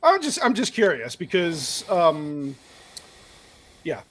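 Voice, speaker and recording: A man hosts a movie review podcast with a lively, bouncing voice pitched a bit high. He jokes, teases and laughs a lot. The sound is dry and close. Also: slow pace, slightly rough, no echo. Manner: laughs often, joking and sarcastic. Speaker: podcast host. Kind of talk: casual group movie review chat.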